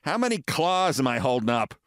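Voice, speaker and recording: A man's voice: mid-range voice, big pitch swings, fairly quick, fairly bright tone, dry recording, studio quality. A man voicing a fussy, inquisitive secretary bird who keeps asking questions. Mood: questioning.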